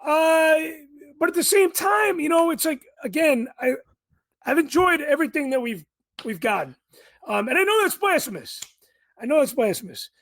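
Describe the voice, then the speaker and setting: A man who is a guest on a podcast, chatting casually in a raspy voice like a bassy sound through a blown speaker, loud and emphatic, often swearing. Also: very animated, moderate pace, no room sound, clean studio sound. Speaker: podcast guest and fellow podcast host.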